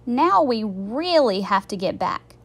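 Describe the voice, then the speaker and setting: A woman's voice: fairly high pitch, sing-song, takes it slowly, fairly bright tone, heavily acted. A woman doing a cautious, worried young boy. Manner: worried, matter-of-fact.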